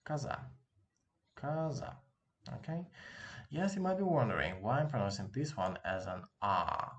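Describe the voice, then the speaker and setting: A man's voice: fairly low pitch, big pitch swings, normal speed. A man with a Russian accent, a native Russian speaker, teaching a casual online language lesson and patiently repeating words for practice. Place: room with open window, street noise behind.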